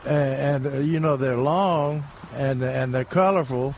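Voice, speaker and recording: A man's voice: mid-range voice, measured pace, creaky, slight background noise. A man co-hosting a garden radio show, talking casually with many restarts and repeated words.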